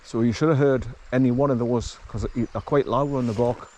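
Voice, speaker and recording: A man vlogging outdoors in a forest, with the camera on his chest harness, explaining things in a halting, rambling way and coaxing his dog along. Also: medium pitch, steady tone, a little mellow, slight background noise. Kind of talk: casual walking vlog.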